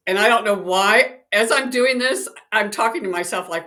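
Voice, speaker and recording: A woman's voice: mid-range voice, moderate pace, few pauses. A woman, a psychic, casually telling a personal story and acting out the voices of the people in it. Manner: chatty, animated, acts out quoted voices.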